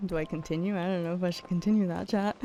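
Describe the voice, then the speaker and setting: A woman streaming a game late at night, chatting casually and playfully with her viewers, teasing and giggling and sometimes dropping to a hush. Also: fairly low pitch, a little fast, slight background noise. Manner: drops to a hushed late-night voice at times. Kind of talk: casual chat with live viewers.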